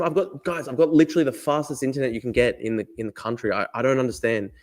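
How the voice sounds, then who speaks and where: A man's voice: mid-range voice, fairly even intonation, fast, hardly any pauses. Chatty Australian man livestreaming. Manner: chatty, repeats himself, reads chat aloud. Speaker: streamer host. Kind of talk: casual live stream chat.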